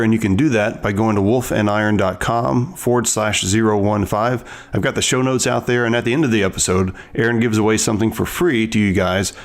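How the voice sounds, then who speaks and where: Man, podcast host, from Tennessee, low voice, earnest conversational delivery. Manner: earnest, conversational, with small restarts. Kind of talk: casual interview.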